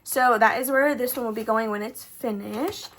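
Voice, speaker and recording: A woman's voice: fairly high pitch, normal speed, fairly bright tone. A young woman casually vlogging her savings challenges, chatty and full of fillers, her sentences trailing up at the end. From Texas. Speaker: budgeting vlogger.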